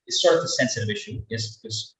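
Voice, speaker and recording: A man's voice: mid-range voice, expressive, fast. A man giving a webinar talk, rambling with many fillers and repeated words. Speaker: webinar speaker on English accents. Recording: echoey room, distant from the mic.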